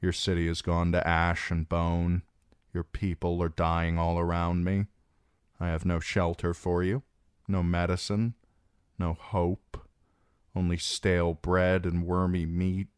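In an audiobook reading, a man voices a young grieving queen, proud and commanding, who speaks with bitter, resolute authority. His voice is deep, clear and resonant, captured in a dry, studio-quality recording.

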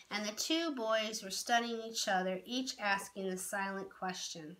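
A woman storyteller reading a novel aloud in a measured, expressive way. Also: mid-range voice.

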